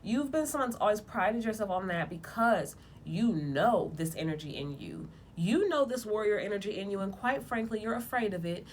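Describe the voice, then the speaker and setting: A woman giving a casual tarot reading, talking bluntly in lively slang with plenty of profanity. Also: mid-range voice, normal speed, hardly any pauses, a little hiss or hum. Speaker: tarot reader.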